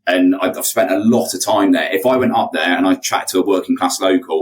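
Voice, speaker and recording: A young man from England speaks as a podcast guest in a deep, low voice. He talks bluntly and emphatically, stumbling over repeated words as he goes. He sits a little back from the microphone, so the sound sits slightly distant. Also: steady tone, fairly quick. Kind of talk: casual conversation.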